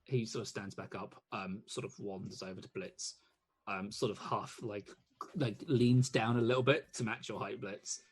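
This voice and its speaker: A man's voice: lowish voice, steady tone, normal speed, breathy edge. A man narrating a tabletop game as game master, rambling with lots of fillers. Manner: rambling, full of "like" and "um".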